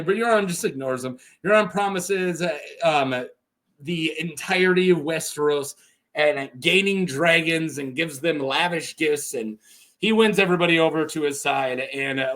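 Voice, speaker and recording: A man with a notably high voice hosts a casual lore video. He talks in an animated, chatty way and often breaks into laughter.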